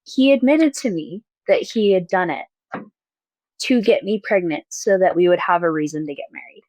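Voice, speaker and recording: A young woman telling a painful personal story as a podcast guest, halting and soft, with pauses and fillers. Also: lowish voice, expressive, no room sound, rough recording.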